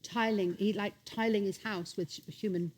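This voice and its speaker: A woman's voice: mid-range voice, fairly even intonation, moderate pace, darkish tone. A middle-aged woman swaps stories as a guest at a live stage talk. She talks in a loose, chatty way and drops into impressions of other people mid-story. A faint noise sits under the recording. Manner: chatty anecdotes with voices and impressions. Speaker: comedy guest. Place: stage before a live audience.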